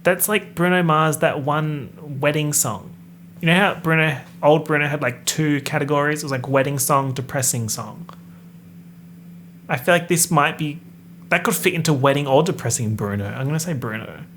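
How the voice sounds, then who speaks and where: A man hosting a casual solo podcast, chatting and guessing out loud as he reads and half-sings song lyrics. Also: on the high side, normal speed, a little hiss or hum. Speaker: podcast host. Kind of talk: casual solo podcast, pop music quiz.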